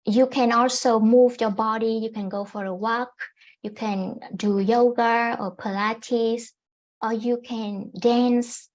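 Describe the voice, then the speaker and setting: Slow, gentle woman life coach. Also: fairly high pitch, lo-fi sound. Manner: calm, repetitive, gently instructive. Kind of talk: self-help coaching talk to camera.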